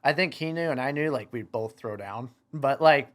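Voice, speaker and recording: A man's voice: medium pitch, normal speed. A young man in his twenties, a motocross racer, telling a story in a casual podcast chat, rambling with lots of "like" fillers and quoting himself. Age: 20s.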